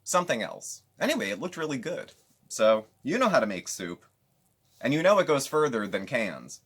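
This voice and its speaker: A man hosting a casual commentary show, recapping another creator's videos with animated, sarcastic asides. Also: medium pitch, normal speed, slightly rough. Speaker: commentary channel host.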